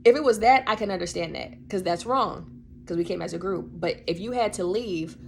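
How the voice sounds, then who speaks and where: A young woman telling a personal story on her podcast, animated and slangy, full of fillers. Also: on the low side, a little fast, gravelly, slight background noise. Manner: animated, slangy, many fillers, laughs often. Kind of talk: casual storytelling.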